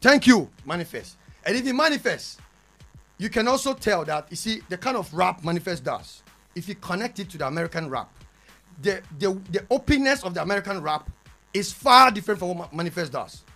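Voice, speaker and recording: A man's voice: high voice, animated, fairly quick, sharp tone, soft background music. A Ghanaian man with a Ghanaian English accent, joking and bantering as a panelist on a radio show, laughing often as he makes his point. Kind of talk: lively studio panel banter. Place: radio studio.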